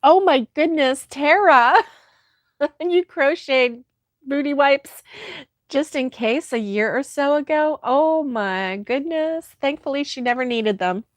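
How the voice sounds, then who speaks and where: Woman, easygoing craft-stream host, giggly and unhurried, dry close sound. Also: high-pitched, no room sound. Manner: giggly, laughs often, soft-hearted. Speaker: crochet livestream host. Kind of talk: casual chat reading viewer comments.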